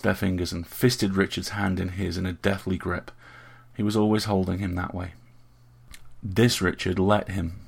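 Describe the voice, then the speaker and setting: A man narrating a story in a measured, deliberate reading. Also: low-pitched, fairly even intonation, gravelly.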